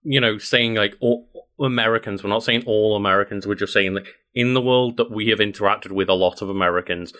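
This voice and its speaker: Man, bright tense voice, lowish pitch, casual podcast co-host, asks questions. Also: steady tone, fairly quick, few pauses. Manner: asks questions, hedges with "I mean". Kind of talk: casual chat.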